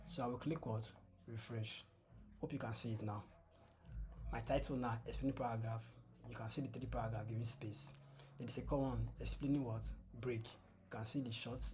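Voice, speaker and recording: A man's voice: mid-range voice, dark tone. Guy teaching code on screen share, asks "what?" then answers it, music playing under him. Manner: asks the class fill-in questions and answers them himself; repetitive, patient teacher tone. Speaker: coding tutor. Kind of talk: screen-share coding lesson. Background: background music.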